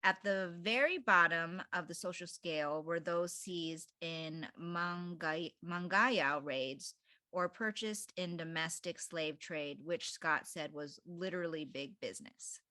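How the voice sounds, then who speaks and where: A woman's voice: lowish voice, unhurried, bright, forceful tone, no echo, clean studio sound. A woman co-hosting a book club podcast, chatting casually and reading passages aloud with hesitant fillers. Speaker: podcast co-host.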